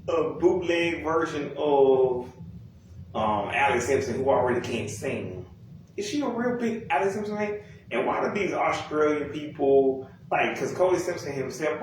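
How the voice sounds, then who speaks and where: A young man giving a blunt, profane, rambling rant about a music album, exasperated and casual. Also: a little high. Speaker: music commentator. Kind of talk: casual ranting commentary. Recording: very echoey room, distant from mic, faint noise.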